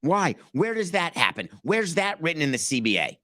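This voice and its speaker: A man's voice: fairly high pitch, sing-song, moderate pace, sharp tone, no echo, clean studio sound. A man hosting a sports talk podcast, speaking emphatically and firing off rhetorical questions. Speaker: podcast host.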